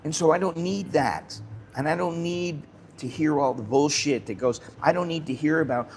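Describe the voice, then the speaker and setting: A man's voice: a little high, moderate pace, slight background noise. An American man hosting a casual live stream, talking bluntly in a rambling way and swearing freely. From United States.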